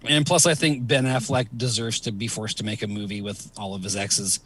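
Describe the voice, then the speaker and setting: A man's voice: lowish voice, fairly even intonation, a little fast, fairly bright tone, husky. A middle-aged man hosting a casual comedy chat, rambling with fillers and laughing often. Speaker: host.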